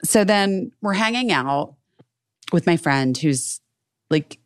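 A woman co-hosts a podcast with a lowish voice, taking her time as she tells a story in casual chat. She animatedly acts out her friends' lines, swearing freely and saying "like" constantly. The audio is clean studio sound with no room echo.

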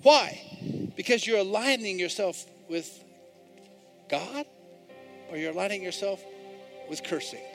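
A male pastor preaching a sermon in a church, swinging between hushed, intimate passages and loud, repeated calls to the congregation. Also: high-pitched, unhurried, long pauses, music in the background. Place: church sanctuary.

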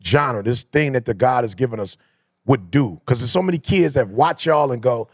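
Gravelly man hosting a reflective chat. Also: mid-range voice, animated, normal speed, no echo, studio quality. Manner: reflective, questioning. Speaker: host. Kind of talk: casual conversation.

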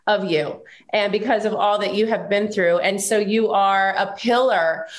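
A woman's voice: medium pitch, moderate pace, a little hiss or hum. A woman hosting a podcast interview, speaking in an encouraging, affirming way. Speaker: podcast host. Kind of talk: supportive interview chat.

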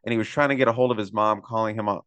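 A man's voice: on the low side, steady tone, very fast, fairly bright tone, clean tone, no room sound. A man hosting a casual sports podcast, telling rambling jokey stories. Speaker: podcast host.

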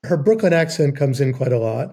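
A man's voice: mid-range voice, expressive, a little fast, dark tone, breathy edge. A man who works as a writer, making wry points in a casual film discussion. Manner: wry, questioning asides.

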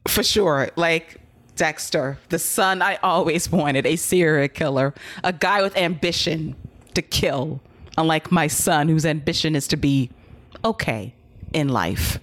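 A man's voice: fairly high pitch, measured pace, fairly bright tone, dry recording. A man hosting a podcast, recapping wrestling in casual, profane, sarcastic chat. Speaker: podcast host.

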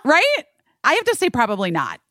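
A woman in her thirties co-hosts a podcast, telling a story in casual chat with animated energy, acting out what people said and swearing freely. Her voice is high-pitched and brisk, recorded in studio quality with no echo.

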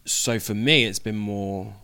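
Joking young British man, low voice. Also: measured pace, creaky, clear, resonant tone. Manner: joking, playful, deadpan asides. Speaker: wrestler guest. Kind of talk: casual interview chat.

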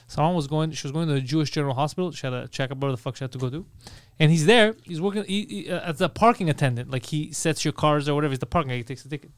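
A man's voice: a little high, rapid-fire, clean tone, dry recording. A man, casually telling a family story on a podcast and swearing freely. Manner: animated storyteller, swears freely, acts out quotes. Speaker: podcast co-host.

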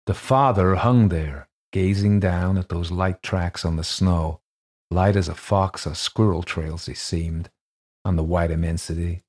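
Audiobook narration: male reader, deep pitch, husky voice, measured ghost-story telling. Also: fairly even intonation, darkish tone.

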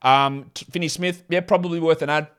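A man with an Australian accent hosting a fantasy basketball podcast, talking through rotations and stats in quick, rambling analysis full of restarts. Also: on the high side, steady tone, a bit bright, smooth. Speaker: podcast host.

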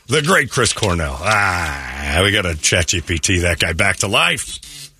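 Lively, bright-voiced radio host. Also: male voice, sits low, unhurried, slight background noise. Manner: jokey, laughing, animated delivery. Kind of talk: casual morning show banter with ad reads.

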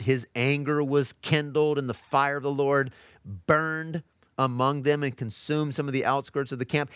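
An earnest man teaches through Bible passages in a lecture, and he slips into the voices of the people in the stories as he retells them. His voice sits at an ordinary middle pitch. The sound is dry and close, with no room echo. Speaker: seminary lecturer.

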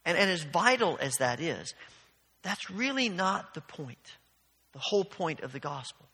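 A man's voice: high voice, sharp tone, husky, in a large hall. A man preaching a sermon as pastor, earnest and storytelling, often restarting his phrases.

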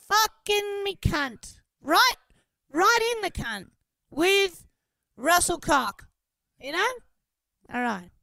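A gleeful, foul-mouthed Australian bloke through a voice-changer machine. The pitch sits extremely high with a gravelly edge. Every word crawls out very slowly and sounds bright and thin. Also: male voice, no room sound, exaggerated voice. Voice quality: crude, swearing.

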